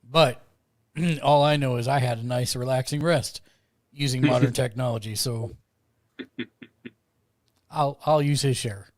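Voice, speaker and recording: A man's voice: medium pitch, unhurried, long pauses, no room sound. Man, tabletop player, in-character drawl, dry recording. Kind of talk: in-character tabletop role-play.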